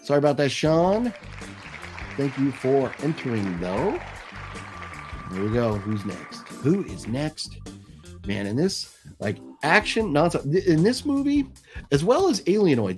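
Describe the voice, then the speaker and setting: A man hosting a live stream at an unhurried pace, his pitch rising and falling a lot as he calls out giveaway names. He chats casually, chuckles often and apologizes to each viewer, with faint music playing behind him. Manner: lively, apologetic, chuckling, drawn-out name calls. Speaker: host of a live movie news stream.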